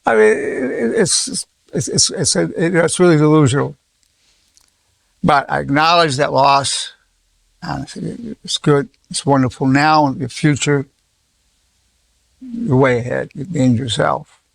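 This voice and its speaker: A man's voice: a little high, expressive, unhurried, vocal fry, pauses often, no room sound. A man in his eighties, a psychologist, giving an informal lesson full of stories, often repeating himself and acting out quoted dialogue. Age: 80s. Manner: repeats words and restarts, acts out quoted dialogue. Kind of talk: informal teaching talk with anecdotes.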